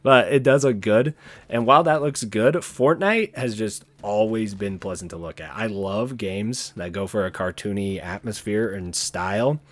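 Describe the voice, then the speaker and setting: A man hosting his own channel, talking alone in a rambling, casual way, often correcting himself and trailing off quietly. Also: fairly low pitch, normal speed, no room sound. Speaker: channel host. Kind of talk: casual solo chat.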